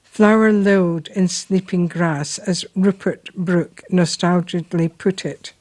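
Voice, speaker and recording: A woman with a Scottish accent hosting a local show, telling stories and reading aloud in an unhurried way with frequent ums. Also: lowish voice, steady tone, a little mellow, no room sound. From Scotland. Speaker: host. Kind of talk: casual storytelling and reading aloud.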